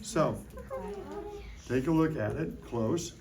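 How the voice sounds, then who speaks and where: A man's voice: medium pitch, takes it slowly, a little mellow, a little hiss or hum. A middle-aged man giving a hands-on science demonstration to a classroom of young children, playful and jokey, coaxing them with questions. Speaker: science educator. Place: elementary school classroom.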